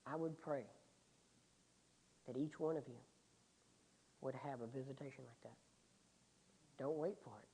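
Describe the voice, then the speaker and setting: Mellow-voiced male preacher telling a story. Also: mid-range voice, unhurried, vocal fry, pauses often, husky, low-quality recording. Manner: emotional storytelling, often dropping to a hushed, quiet voice. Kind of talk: sermon with personal testimony.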